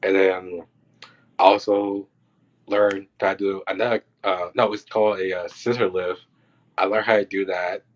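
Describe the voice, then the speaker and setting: Guy on a podcast telling set stories, lowish voice, kinda dull lo-fi sound, acts out the quotes. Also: measured pace. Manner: loose and animated, acting out quotes and reactions. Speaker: podcast guest, film crew electrician. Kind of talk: casual storytelling.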